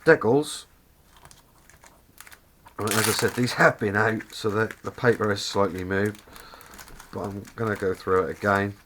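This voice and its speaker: Chatty Norfolk man, low voice. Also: steady tone, measured pace, pauses often, background noise. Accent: Norfolk English. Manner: enthusiastic, loose and rambling, corrects himself mid-sentence. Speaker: scale model kit reviewer. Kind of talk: casual review walkthrough.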